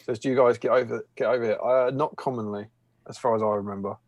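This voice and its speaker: A man's voice: mid-range voice, steady tone, fast talker, darkish tone, no room sound, highs cut off. A man co-hosting a casual painting stream, reading out viewer comments with a joking manner. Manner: jokey, reads out chat messages aloud.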